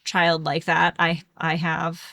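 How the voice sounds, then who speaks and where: A woman co-hosting a podcast about home daycare, chatting in an animated way and sometimes mimicking kids' voices. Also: sits low, takes it slowly, no room sound. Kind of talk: casual chat.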